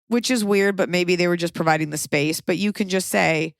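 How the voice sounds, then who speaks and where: A woman's voice: mid-range voice, quick pace, hardly any pauses, dry recording, clean studio sound. A woman podcast host giving blunt, frank advice in casual chat, swearing freely and acting out quoted people. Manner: blunt, swears, animated quoting.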